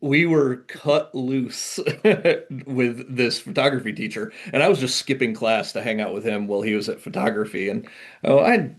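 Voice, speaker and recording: A man's voice: mid-range voice, moderate pace. Laid-back middle-aged man telling stories. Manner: laid-back, self-deprecating storyteller. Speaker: podcast guest. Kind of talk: casual chat.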